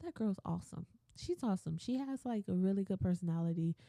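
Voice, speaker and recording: A woman's voice: mid-range voice, expressive, quick pace, creaky, mellow, dry recording. A young adult woman hosting a solo podcast, ranting bluntly and swearing, often mimicking other people's voices. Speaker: podcast host.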